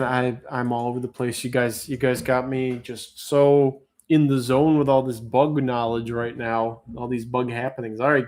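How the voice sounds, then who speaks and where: A man's voice: medium pitch, darkish tone. A man hosting a casual livestream auction, rambling between lots and drawing out his bid calls. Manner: rambling, self-interrupting, drawn-out bid calls.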